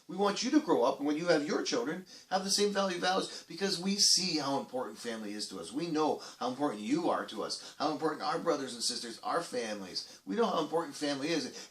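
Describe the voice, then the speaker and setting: A man's voice: medium pitch, reverberant, far from the mic. A man hosting a children's program, talking casually to kids in a rambling way with many restarts and fillers. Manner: acts out quoted voices loudly.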